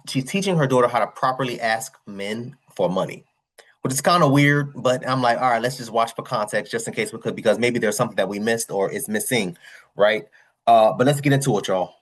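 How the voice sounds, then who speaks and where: A man hosting a casual reaction video in an even middle voice. He talks loosely, repeats himself when worked up, and grows exasperated. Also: mid-range voice, a little fast.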